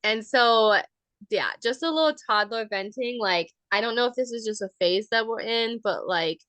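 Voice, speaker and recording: Bright, chatty young mother. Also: on the high side, normal speed, dry recording. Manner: chatty, laughing, many fillers. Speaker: podcast co-host. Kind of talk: casual chat.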